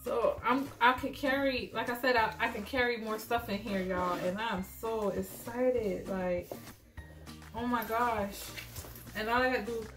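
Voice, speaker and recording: A fairly high-pitched young woman vlogs from home in her pajamas, chatty and excitable and calling her viewers y'all. Her voice bounces around a roomy, echoing space while music plays clearly in the background. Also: a little slow. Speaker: vlogger. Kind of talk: casual unboxing vlog. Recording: echoey room with loud music behind.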